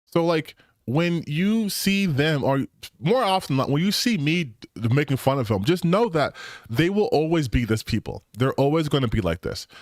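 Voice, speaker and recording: A man's voice: fairly high pitch, animated, moderate pace, no room sound, clean studio sound. A young man, streaming and mocking online posts in profane, casual commentary.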